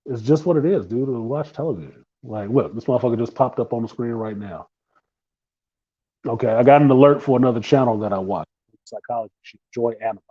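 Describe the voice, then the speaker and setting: A man's voice: mid-range voice, fast, husky, lo-fi sound. A man co-hosting a live talk stream, telling crude, laughing stories in casual banter. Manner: crude, laughing, animated storytelling. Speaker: podcast co-host.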